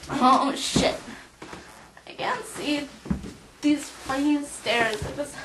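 A woman's voice: high voice, fairly even intonation, takes it slowly. Freaked out young woman on a camcorder, far off mic, hissy background. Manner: frightened, swearing, nervous laughing. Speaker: spoof ghost investigator. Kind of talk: panicked handheld walkthrough. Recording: noisy camcorder audio from a distance.

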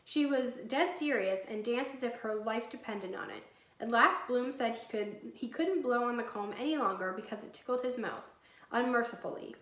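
A woman's voice: a little high, normal speed, a bit bright. Woman teacher reading a story aloud. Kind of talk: reading a chapter book aloud. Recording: echoey room.

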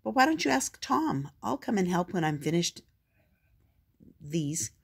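A woman voicing a keen, chatty young friend in a storybook, talking loudly and quickly. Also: lowish voice, big pitch swings, creaky, breathy edge, exaggerated voice.

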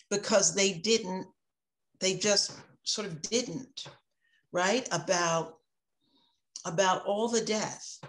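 A woman in her sixties, an author speaking in an interview, impassioned and reflective, moving between emphatic and hushed moments. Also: mid-range voice. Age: 60s. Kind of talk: interview conversation.

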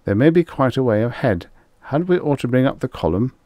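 A man's voice: mid-range voice, sing-song, a little fast, mellow, no echo, pitched above the performer's own voice, natural voice. A man voicing a cautious male guide who speaks curtly and plainly. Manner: curt, matter-of-fact.

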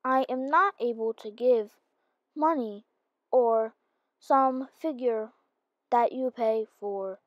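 A woman's voice: a little high, slow pace, pauses often, no room sound, muffled recording. A woman voicing a polite robot bank teller with stiff, formal phrasing, in game role-play.

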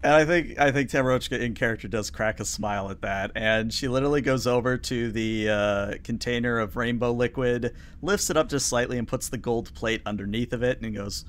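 A man's voice: medium pitch, a little fast, few pauses. A man narrating a tabletop game as game master, describing scenes with frequent fillers.

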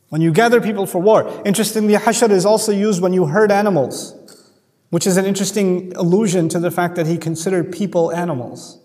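A man with a notably high voice gives an earnest Quran commentary, leaning hard on key phrases and repeating them. His words ring out with a long reverb, as if spoken in a large hall. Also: darkish tone. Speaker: Quran teacher.

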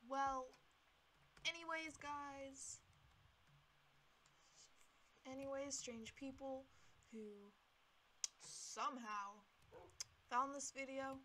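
Young woman, slow playful gaming commentary, bright tense voice, cutesy baby talk, faint clicking. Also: high voice, slight background noise. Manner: playful, talks to herself with cutesy baby words; sudden excited gasps and shouts. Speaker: gameplay video creator. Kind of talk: casual gameplay commentary.

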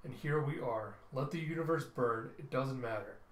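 A man voicing a weary, protective father in a space colony, in a grim, low-key manner. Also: normal speed, fairly bright tone, close to an everyday voice. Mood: bitter. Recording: roomy echo.

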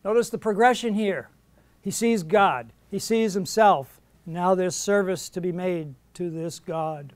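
Middle-aged male Bible teacher, higher voice, earnest lecture, dry studio sound. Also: a little slow, dry recording. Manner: earnest, emphatic on quoted verses.

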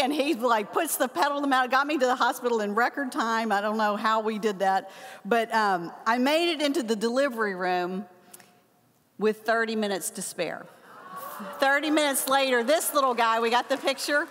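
An older woman teaching a Bible lesson, telling a personal story with animated acted-out quotes. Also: high voice, moderate pace, a little hiss or hum. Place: church hall. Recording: long hall reverb.

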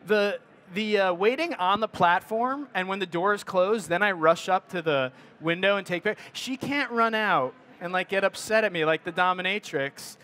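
A man's voice: high-pitched, moderate pace, hardly any pauses, sharp tone. A middle-aged man giving a casual presentation on photography, rambling with many fillers and restarts. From United States. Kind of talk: casual talk to an audience.

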